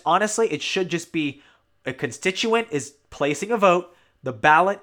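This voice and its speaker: A man's voice: a little high, a bit bright. A man giving an opinionated political monologue, rambling and repeating himself, heated, with mocking asides. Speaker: political commentator.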